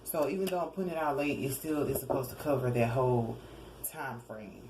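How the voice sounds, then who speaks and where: A woman with a low voice talks through a tarot reading in a loose, conversational way. She wanders off track, corrects herself mid-sentence and slips in chuckling asides. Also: fairly quick, background noise. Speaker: tarot card reader. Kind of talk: casual spoken tarot reading.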